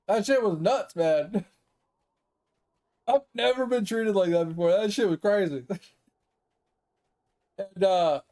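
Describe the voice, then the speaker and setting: A man chatting casually while he plays a game, telling a story with a lot of swearing and laughter. His voice sits high for a man, with a mellow, soft edge. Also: slow pace, pauses often. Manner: profane, animated storytelling with laughs. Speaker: gaming streamer.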